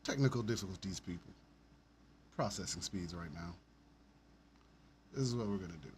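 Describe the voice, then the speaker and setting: A man's voice: low-pitched, animated, moderate pace, a little mellow, slight background noise. A man hosting his own podcast, ranting in a profane, sarcastic and rambling way. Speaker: podcast host. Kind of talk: ranting solo commentary.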